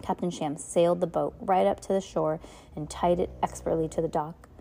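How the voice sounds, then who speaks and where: Woman reader, low and warm, casual read-aloud with restarts. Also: steady tone, normal speed, gravelly, a little hiss or hum. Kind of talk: reading a novel aloud.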